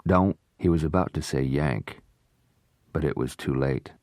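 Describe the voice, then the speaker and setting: A man narrating a suspense audiobook in measured, steady storytelling. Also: rumbling low, no echo, studio quality. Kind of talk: scripted narration.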